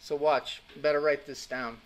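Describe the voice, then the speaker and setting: A fairly high-pitched male voice with fairly even intonation delivers a classroom lecture at normal speed. The speaker, an anatomy and physiology instructor, is emphatic and repetitive and often checks that students are following along.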